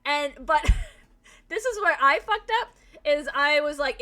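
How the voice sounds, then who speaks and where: A woman's voice: sits high, normal speed, sharp tone. A young woman streamer chatting casually, telling a rambling story full of fillers and swearing. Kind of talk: casual chat while streaming a game.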